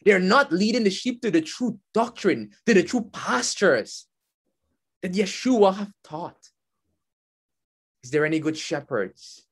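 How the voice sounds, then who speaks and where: A man preaching a sermon, with animated emphasis that swells and drops, often repeating himself. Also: sits high, a little slow, pauses often, slightly rough. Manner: animated, rising and falling emphasis, repeats and restarts.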